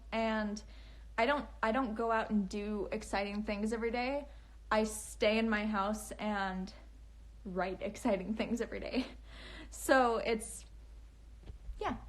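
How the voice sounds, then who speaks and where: A young woman with a fairly high voice talks on a phone live stream. Her speech has a chatty valley-girl lilt, with frequent giggles and lots of "um" and "like." She rambles in a relaxed, casual way. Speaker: livestreaming author.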